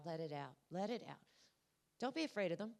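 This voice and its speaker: A woman's voice: on the low side, fairly quick, gravelly. A woman speaker giving a motivational talk at a conference and coaxing the audience through voice exercises. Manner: energetic, coaxing, talks to the crowd directly. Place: conference room.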